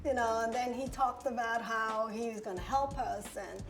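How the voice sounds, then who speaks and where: A woman's voice: fairly high pitch, steady tone. Grateful woman restaurant owner, music behind. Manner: emotional, grateful, quick affirmations. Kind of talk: casual interview chat. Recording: music bed under the talk. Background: background music.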